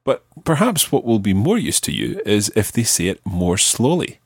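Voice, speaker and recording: A man hosting a podcast language lesson, patiently prompting a learner and slowing down for example phrases. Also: on the low side, big pitch swings, breathy edge, no echo, clean studio sound. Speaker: language teacher and podcast host.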